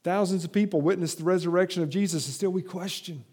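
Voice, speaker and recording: A man preaching a sermon, moving from emphatic, raised passages to slow, quiet stretches as he quotes scripture. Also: high voice, breathy edge. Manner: reads and quotes scripture aloud, rising for quoted voices. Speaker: pastor.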